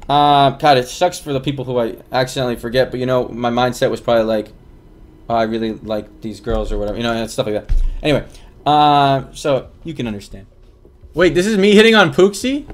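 A man's voice: mid-range voice, moderate pace, faint music behind. A man livestreaming, telling a long story to his chat in a rambling, casual way with lots of fillers and laughs.

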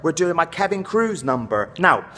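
A man's voice: a little high, big pitch swings, moderate pace, a bit bright. A man chatting in character in a comic vlog, with camp, self-promoting showbiz patter, out of breath after dancing in a dance hall. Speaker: comedy character vlogger.

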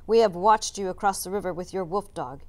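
A woman voicing a gruff red-bearded hunter chief in a storybook read-aloud, speaking in a stern, commanding way. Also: lowish voice, fairly quick, darkish tone, natural voice.

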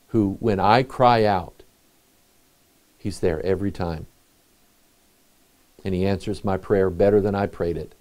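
A middle-aged man, a pastor, preaching a sermon in an earnest, conversational way with pauses. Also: lowish voice, a little mellow.

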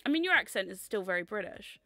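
A young woman from the United States hosting a casual livestream chat, giggly and excitable, reading comments aloud. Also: mid-range voice, fast talker, dry recording. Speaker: livestream host.

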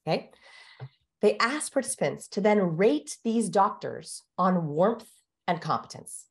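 A woman of medium pitch is the guest expert in this interview. She teaches as she explains, animated throughout, and shifts her tempo faster or slower to stress key ideas.

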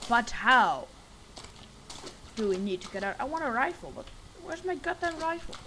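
A woman streams herself playing a horror game, her high voice jumpy and sing-song at a normal speed. She swears a lot and yells at enemies as she comments, with loud game music behind her and slight background noise.

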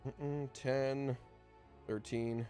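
A man running a tabletop role-playing game as dungeon master, narrating in a casual, halting way with frequent restarts. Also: medium pitch, level tone, loud music behind the voice. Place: home streaming setup.

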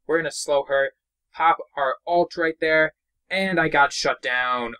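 Excitable young man narrating a game. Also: fairly high pitch, a little slow, clean tone, low-quality recording. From Boston. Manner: excitable, chatty, narrates own moves. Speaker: gaming YouTuber. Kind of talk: let's play commentary.

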